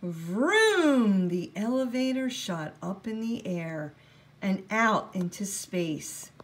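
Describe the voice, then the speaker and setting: A woman reading a children's storybook aloud in an unhurried, gentle way. Her voice sits in a middle range and stays expressive. She takes her time over each sentence. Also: medium pitch. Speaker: storybook reader. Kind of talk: children's book read-aloud.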